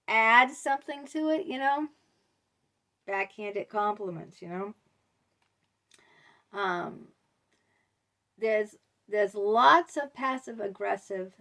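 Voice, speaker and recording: A woman talks casually to camera as a vlogger, wandering through her points with frequent ums and you-knows. Her voice sits mid-pitch with a gravelly fry.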